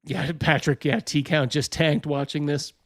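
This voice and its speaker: A man's voice: a little high, fairly even intonation, moderate pace, dry recording, clean studio sound. A man hosting a live reaction stream, mocking and laughing in casual commentary.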